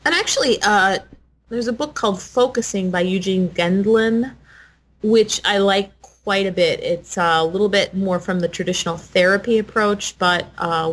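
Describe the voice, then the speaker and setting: A woman guest sharing recommendations in a relaxed, casual conversation. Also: fairly low pitch.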